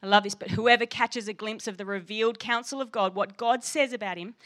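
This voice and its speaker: Woman pastor, bright high voice, fiery emphatic sermon delivery. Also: brisk, few pauses. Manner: passionate, emphatic preaching with laughs.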